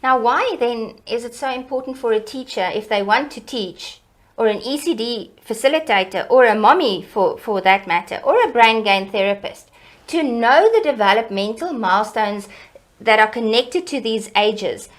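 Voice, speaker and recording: A middle-aged woman educator, explaining child development in a lively, teacherly way in an interview. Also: moderate pace. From South Africa. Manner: animated, teacherly, varies pitch and loudness for emphasis.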